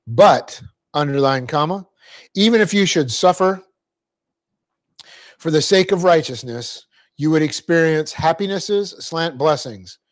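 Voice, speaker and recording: A man teaching a Bible class, dictating the verse and its punctuation slowly and adding joking asides. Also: fairly high pitch. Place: church classroom.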